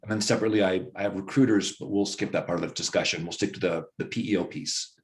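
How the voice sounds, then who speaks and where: A man's voice: sits low, fast talker. A man, a company founder, explaining in an interview how his business works, walking through examples and acting out the lines of the people involved. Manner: walks through examples, acts out quoted dialogue. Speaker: founder of an employer firm, interview guest.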